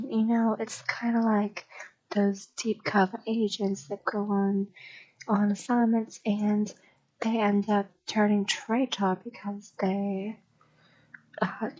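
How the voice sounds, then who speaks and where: Soft and casual, this young streamer rambles ASMR-style, slipping into whispers now and then and stuttering slightly. She has a mid-range voice, heard on a dry, lo-fi recording.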